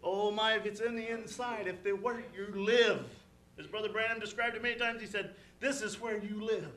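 A man's voice: sits high, brisk, bright, forceful tone. A young man preaching a fervent sermon to his congregation, breaking often into exclamations. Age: young adult.

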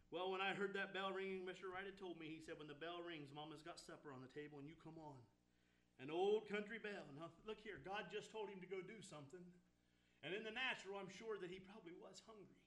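A man's voice: sits high, fairly bright tone. A man preaching a sermon, telling a story and building to fervent exclamations.

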